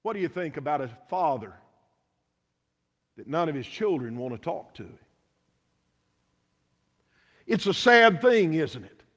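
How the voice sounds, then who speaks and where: A man's voice: a little high, very animated, measured pace, long pauses, a bit bright. A man preaching a sermon as pastor, emphatic and full of rhetorical questions, in a church. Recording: long hall reverb.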